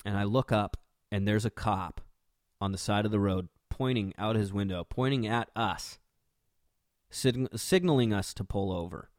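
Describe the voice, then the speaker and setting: A young man rambles through a casual story as a podcast host, breaking into laughs. His voice sits slightly low, recorded dry and close with no room sound. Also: normal speed, no room sound. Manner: rambling, chatty, laughs between phrases.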